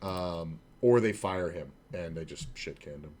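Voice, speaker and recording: Low-voiced man rambling profanely over keyboard clicks. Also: measured pace, darkish tone, a little hiss or hum. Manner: rambling, profane, heavy on filler words. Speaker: poker streamer and former casino dealer trainer. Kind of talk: casual storytelling while playing online poker.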